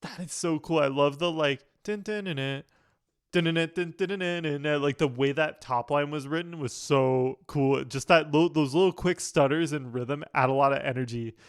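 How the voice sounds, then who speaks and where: Man, mid-pitched, clear and smooth, an excitable reaction-channel producer. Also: moderate pace, few pauses. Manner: enthusiastic, often hums and vocalizes sounds to explain them. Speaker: music producer reacting to an album. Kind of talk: casual reaction commentary. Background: faint music playing.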